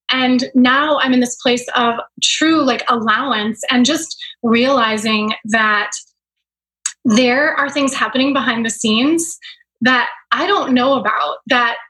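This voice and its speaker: Podcast guest, woman coach, bright and fairly high, earnest and reflective. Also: rough recording. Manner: reflective, earnest, laughs easily. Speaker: guest, mindset and business coach. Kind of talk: casual podcast conversation.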